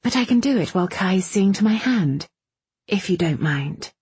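A woman's voice: mid-range voice, animated, normal speed, a little mellow, breathy edge, dry recording, pitched above the performer's own voice. A woman voicing a firm, composed young heroine. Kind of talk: audiobook character voice.

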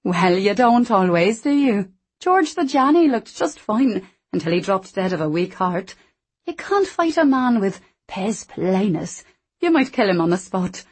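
A woman reading a brisk, bossy landlady in an audiobook, scolding the men. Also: medium pitch, very animated, darkish tone, husky.

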